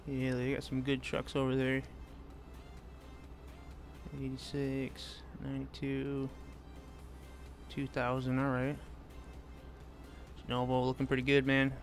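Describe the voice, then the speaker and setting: A streamer drives a truck in a game and reads his viewers' messages aloud, answering them by name in a relaxed manner. His mid-range voice is completely flat and slow, with vocal fry and long pauses, and faint music plays behind him.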